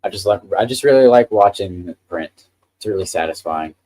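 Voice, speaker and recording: A man's voice: lowish voice, lively intonation, a little fast, dark tone. A man hosting a casual live stream, chatting with enthusiasm about the printer he is handling. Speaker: livestream host.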